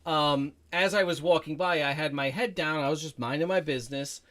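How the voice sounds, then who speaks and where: A man's voice: fairly high pitch, brisk. A middle-aged man hosting a game livestream from home, chatting casually and telling a self-deprecating story, acting out what people said. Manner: rambling, self-deprecating storytelling with acted-out quotes; drops to a soft murmur when talking to a child. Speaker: livestream gaming host. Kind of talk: casual chat to stream viewers. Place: home room.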